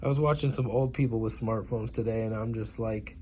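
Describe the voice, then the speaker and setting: A man's voice: fairly low pitch, steady tone, a little fast, dark tone. A man in his forties from the United States, ranting in a profane, scornful and combative vlog monologue. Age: 40s. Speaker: YouTuber.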